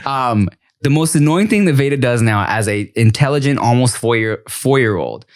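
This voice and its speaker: Animated man telling stories on a podcast. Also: medium pitch, normal speed. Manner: animated storyteller acting out dialogue. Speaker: podcast host. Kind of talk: casual chat.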